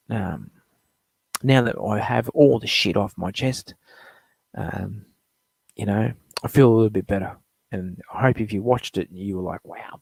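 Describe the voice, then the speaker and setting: A man's voice: lowish voice, vocal fry, darkish tone, breathy edge, no room sound. A middle-aged man hosting a live show, ranting bluntly with lots of swearing, rambling between topics. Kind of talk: profane sports fan rant.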